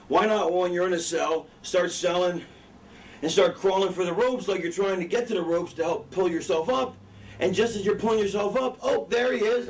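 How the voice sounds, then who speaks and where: Rambling, cursing middle-aged man, high voice. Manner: profane, rambling, loses his train of thought. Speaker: wrestling trainer. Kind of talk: casual teaching talk. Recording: distant mic, faint background noise.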